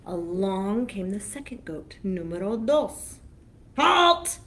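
A woman children's librarian reading a picture book aloud slowly and expressively, pausing to explain each foreign word. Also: mid-range voice, expressive.

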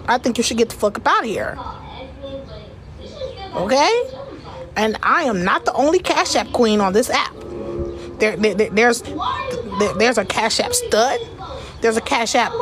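A woman livestreaming to her viewers in a casual rant, combative and profane, who repeats words as she restarts her sentences. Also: a little high.

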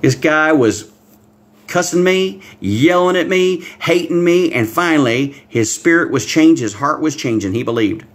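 A man preaching a livestream Bible-code sermon, excitable, swinging between hushed asides and loud exclamations and talking straight to his viewers. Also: a little high, unhurried. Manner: talks directly to viewers, reads out comments. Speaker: pastor.

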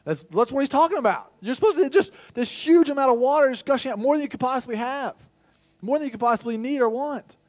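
A young man preaching a sermon in a church, acting out inner dialogue with sudden loud, high bursts. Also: animated, fast talker. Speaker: pastor.

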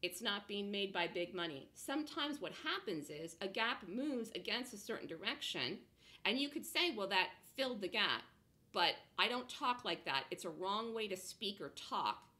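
Confident lady walking thru trading charts, punchy, says boom a lot, bright voice. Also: lively intonation, moderate pace. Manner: emphatic, punchy with "boom" interjections; blunt, self-assured. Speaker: day trading coach. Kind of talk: screen-share trading lesson.

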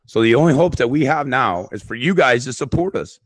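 A man's voice: mid-range voice, animated, brisk, few pauses, no echo, studio quality. Upset swearing man pleading on stream. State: near tears. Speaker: YouTube channel host. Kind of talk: emotional live-stream rant.

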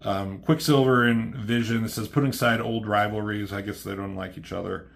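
A man's voice: on the low side, steady tone, fairly quick, gravelly. A man casually recapping a comic book, profane and offhand, with a mocking edge as he quotes the characters.

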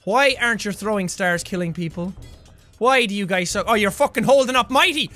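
An Irish man giving excitable let's play commentary, often shouting and cursing at the game. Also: high voice, brisk, faint music behind. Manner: loud, swings to shouting and cursing. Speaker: gaming YouTuber.

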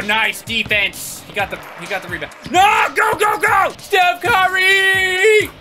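A man streaming a video game, giving loud, jokey commentary and often shouting at the game. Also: very high voice. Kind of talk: excitable gameplay commentary.

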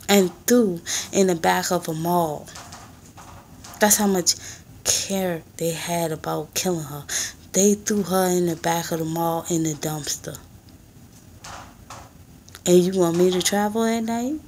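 A woman in her twenties rambling in a casual vlog at home in a small apartment, soft-spoken and often hushed, filmed on a handheld phone. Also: lowish voice, measured pace, long pauses, slight background noise. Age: 20s. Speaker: vlogger and mother.

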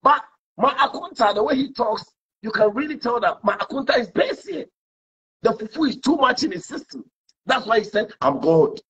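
Husky high-voiced man rambling. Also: normal speed, fairly bright tone. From Ghana. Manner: rambling, code-switching, mimicking accents. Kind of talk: casual rambling talk to camera. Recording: dull lo-fi recording.

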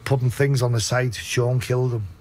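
A man with a Liverpool accent telling profane, animated stories in a casual interview. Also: medium pitch, moderate pace, slight background noise. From Liverpool, England. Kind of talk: casual storytelling.

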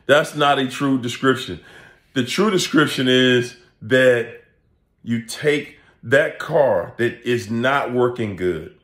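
A man, hosting a casual comedic vlog rant, laughing often and animated as he acts out quoted voices. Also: mid-range voice, takes it slowly. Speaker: channel host and coach. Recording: echoey room.

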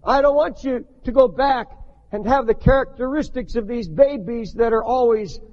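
An older man preaching a sermon as a pastor, impassioned, rising to shouts, with many restarts. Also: very high-pitched, moderate pace. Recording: dull archival recording in a long-echo hall.

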